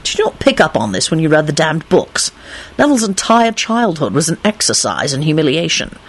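A woman voicing a blunt, sardonic man who speaks gruffly and curtly. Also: low voice, very animated, brisk, exaggerated voice.

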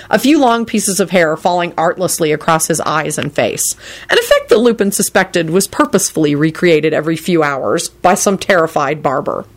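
A woman narrating a story in a measured, descriptive way. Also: lowish voice.

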